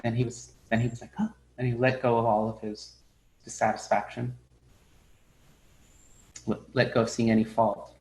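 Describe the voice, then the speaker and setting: A man giving a dharma talk as a Buddhist teacher, his voice sitting at an ordinary middle pitch. He speaks in a relaxed, halting way, with plenty of fillers and restarts. He tells stories and briefly acts out the people in them. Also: gravelly, low-quality recording.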